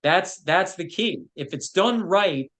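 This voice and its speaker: In a laid-back podcast interview, a man who produces films tells rambling stories packed with "you know." He speaks slowly in a high, animated, somewhat bright voice.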